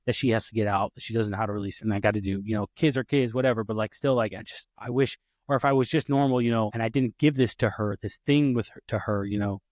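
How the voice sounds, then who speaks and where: A man's voice: lowish voice, steady tone, fast talker, darkish tone, dry recording, clean studio sound. A man hosting a podcast, chatting casually, rambling with many restarts and fillers, and acting out the dialogue he quotes. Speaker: podcast host. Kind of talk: casual conversation.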